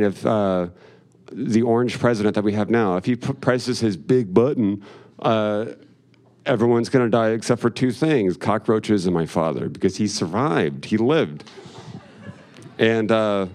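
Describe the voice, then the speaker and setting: A man's voice: on the low side, darkish tone. A man telling a rambling personal story on stage, with profane, wry asides. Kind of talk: live storytelling with jokes.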